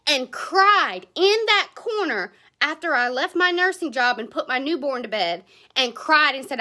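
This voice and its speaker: A woman's voice: sits high, lively intonation, unhurried, sharp tone. A woman, giving a blunt, passionate motivational talk to her sales team. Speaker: direct sales team leader.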